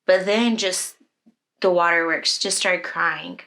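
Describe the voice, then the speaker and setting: A woman's voice: lowish voice, steady tone, takes it slowly, sharp tone. A woman who leads children's ministry, telling a personal story in a conversation, candid and emotional, with many fillers.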